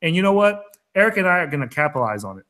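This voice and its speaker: A man's voice: on the high side, sing-song, very fast, a bit bright. A man co-hosting a trading talk show, talking in an emphatic, fired-up rant. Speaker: co-host of a crypto trading show. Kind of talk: casual chat.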